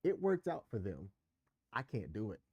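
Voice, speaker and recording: A man's voice: lowish voice, wildly swooping pitch, moderate pace, slightly rough, no echo, dull audio. A man co-hosting a relationship podcast, talking candidly and with emphasis, explaining his views at length. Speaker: podcast co-host. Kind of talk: casual relationship chat.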